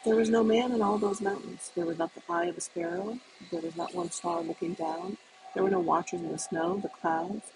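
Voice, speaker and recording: A reader voicing a dying old suffragette woman who cries out in grief for her lost love, with a gravelly voice. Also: mid-range voice, steady tone, normal speed, natural voice. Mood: anguished. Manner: lamenting, pleading cries. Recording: noisy recording.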